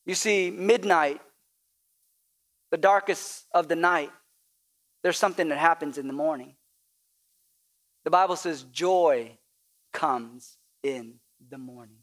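A man's voice: fairly high pitch, slow pace, pauses often, a bit bright. A male pastor preaching a sermon, with call-and-response and repetition that builds to emphatic peaks.

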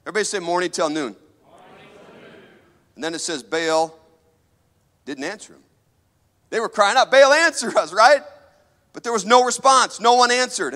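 A man's voice: high voice, pushed and bright, big-room sound. A man preaching a sermon, emphatic and full of questions put to the audience.

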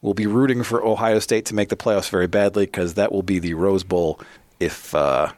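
A man's voice: low voice, steady tone, normal speed, a little mellow, dry recording. Dry-voiced man running through scores. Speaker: podcast co-host. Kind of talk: casual sports talk.

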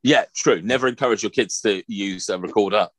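A man's voice: on the low side, a little fast, dry recording. A man co-hosting a podcast, giggly and swearing casually. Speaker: podcast co-host. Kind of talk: casual comedic chat.

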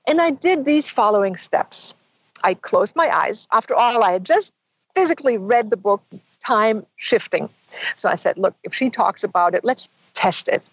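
A woman guest in an interview, telling a long personal story in an animated way and acting out the quoted dialogue. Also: medium pitch, normal speed, breathy edge, no echo, poor audio. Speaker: guest author.

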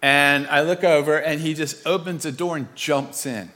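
A man giving a conversational, storytelling sermon with an animated delivery and self-deprecating chuckles. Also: fairly high pitch, normal speed, long reverb tail.

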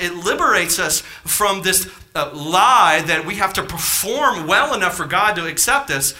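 An impassioned male preacher with a high, bright, cutting voice that leaps and dips all over his range. He peppers the congregation with rhetorical questions, swelling to near-shouts before falling back to quiet asides. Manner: impassioned, rising to near-shouts then dropping low. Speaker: pastor. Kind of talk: sermon.

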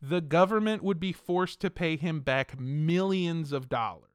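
A young man on a podcast with a slightly high, smooth voice. He tells the story in an animated, irreverent way and swears freely. The sound is dry and close. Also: measured pace, no room sound. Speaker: podcast host telling a history story. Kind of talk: casual podcast chat.

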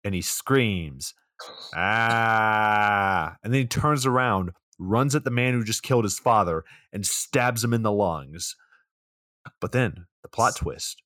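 A man with a fairly low voice recaps a film for a podcast. He narrates with sarcastic, profane play-by-play. His voice sounds dry and close to the mic. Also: a bit bright, dry recording. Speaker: podcast co-host. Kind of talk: comedic movie recap.

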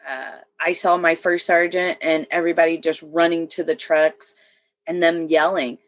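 A woman's voice: low-pitched, normal speed. A woman veteran telling a war story matter-of-factly in casual conversation, with short laughs. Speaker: military veteran.

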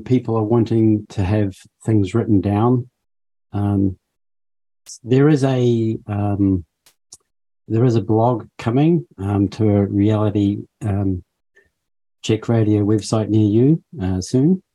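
A man guesting on a radio show as a tech commentator, joking at his own expense and pausing often with ums. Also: lowish voice, warm tone. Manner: self-mocking, hesitant with many ums. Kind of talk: radio chat. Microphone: cheap desktop microphone.

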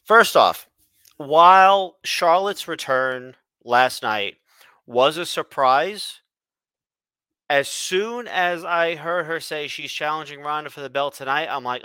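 A man's voice: fairly high pitch, slow, bright, forceful tone, clean tone, dry recording. A man co-hosting a wrestling podcast, giving emphatic, opinionated takes in casual chat. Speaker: podcast co-host.

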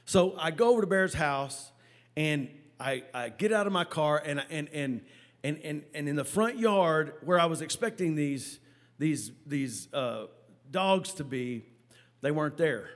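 A man preaching a sermon as a pastor, telling a story with animated, halting delivery and stammered repeats. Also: fairly high pitch.

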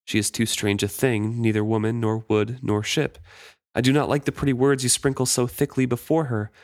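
A man reading the lines of a jealous, sulky woman in a book discussion podcast, pitching up only a little. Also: steady tone, moderate pace, no room sound, clean studio sound, lightly acted.

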